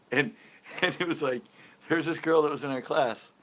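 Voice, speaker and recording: A man hosting a fishing channel live stream speaks a little slowly in a fairly high, fairly bright voice. Casual and rambling, he tells stories, laughs often, and reads and responds to viewer chat.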